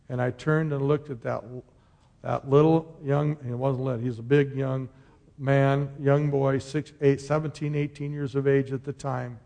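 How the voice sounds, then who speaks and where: A middle-aged male pastor preaching a sermon, moving between rousing declarations and a hushed storytelling voice. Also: mid-range voice, fairly even intonation, normal speed, creaky. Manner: impassioned preaching, dropping to a soft storytelling voice.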